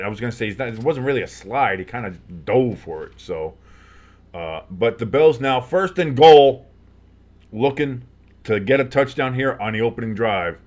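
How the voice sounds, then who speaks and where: A man calling football play-by-play with casual reactions, rambling through many fillers and rising sharply on big plays. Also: mid-range voice. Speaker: sports fan commentator.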